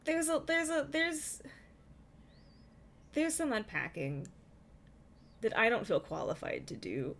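A woman chatting casually about a film, animated, dropping into quieter asides. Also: a little high, slow, long pauses. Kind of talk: casual chat.

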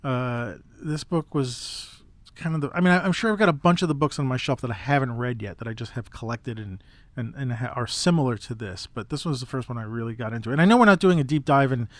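A man's voice: mid-range voice, fast talker, no echo. A man hosting a podcast, talking casually about a photo book, musing and rambling with restarts. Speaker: podcast host.

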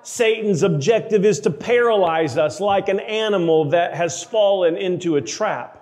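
A man preaching a sermon, emphatic, slowing down to read scripture aloud. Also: sits high, darkish tone, in a large hall. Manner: emphatic, slows for scripture readings.

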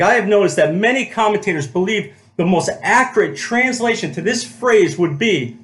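A man's voice: sits high, reverberant. A male pastor preaching a sermon, emphatic, repeating key phrases and calling out to the congregation as "church". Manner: slows right down to stress quoted words.

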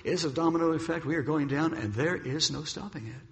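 Solemn shipbuilder man, older, earnest, as a preacher acts him, gravelly, echoey hall. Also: on the high side, fairly quick, natural voice. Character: grave older male ship designer breaking bad news.

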